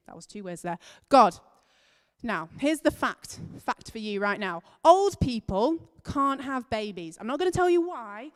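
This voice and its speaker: Woman giving a lively kids' talk. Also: a little high. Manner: emphatic, storytelling, stretching key words. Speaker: children's and families leader. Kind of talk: lively children's talk in church. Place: large church hall. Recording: long reverb of a church hall.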